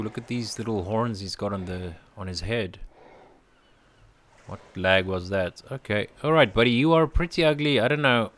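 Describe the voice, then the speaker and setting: A man doing relaxed gameplay commentary for his channel, talking through each step and cooing at his tamed creatures. His voice sits at an ordinary middle pitch, and the delivery is loose and chatty, with little laughs mixed in. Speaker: gaming channel host. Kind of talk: casual let's-play commentary.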